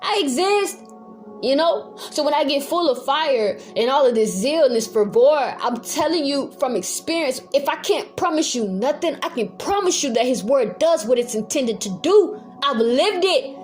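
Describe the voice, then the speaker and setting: A woman Bible teacher, preaching a fiery home sermon that moves from calm talk to yelling with zeal. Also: high-pitched, moderate pace, hardly any pauses, soft background music. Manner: zealous, swings from calm to yelling.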